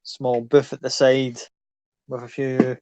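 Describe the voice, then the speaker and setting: A man's voice: medium pitch, completely flat delivery, slow pace, darkish tone, a little hiss or hum. A man narrating a tabletop game as game master, describing scenes in a loose, rambling way with fillers and swearing.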